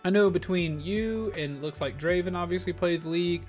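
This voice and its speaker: A man's voice: high voice, normal speed, faint music behind. A man streaming a game live, chatting casually and upbeat, often thanking viewers. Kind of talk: casual live gaming commentary.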